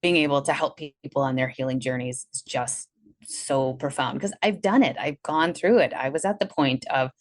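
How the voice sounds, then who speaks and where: A woman from Milwaukee with a Wisconsin accent, a guest in a casual interview, telling her story with animation and acting out her past thoughts in a higher voice. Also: normal speed, no echo. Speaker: guest, energy healer.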